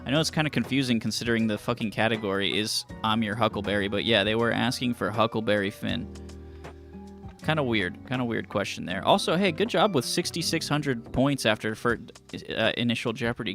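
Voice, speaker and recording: A man's voice: on the low side, a little fast, vocal fry, fairly bright tone, soft background music. A man streaming a trivia game, casually joking with chat and reading clues aloud. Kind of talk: casual live-stream commentary.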